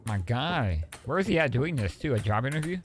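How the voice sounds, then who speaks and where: A man's voice: medium pitch, sing-song, fairly quick, music in the background. A man streaming as he reacts to online videos, chatting casually and exclaiming at what he sees. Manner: exclaiming, laid-back commentary.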